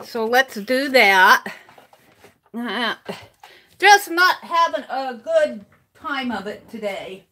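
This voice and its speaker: A woman's voice: a little high, lively intonation, slow pace, pauses often, bright, forceful tone. An older woman live-streaming her crafting, chatting casually, reading viewers' comments aloud and laughing often. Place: home craft room.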